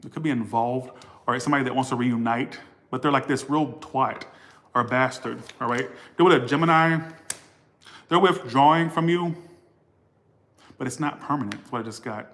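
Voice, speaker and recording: A man's voice: mid-range voice, normal speed, long pauses, a bit bright. A man giving a casual tarot reading for all the signs, blunt and profane, often losing his place and rambling. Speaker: tarot reader.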